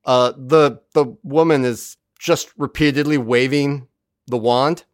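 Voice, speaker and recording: A man's voice: medium pitch, a little slow, dry recording, studio quality. A man co-hosting a podcast, recapping an episode in casual chat and acting out the characters' lines as he goes. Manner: animated, acts out characters' lines while recapping. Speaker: podcast co-host.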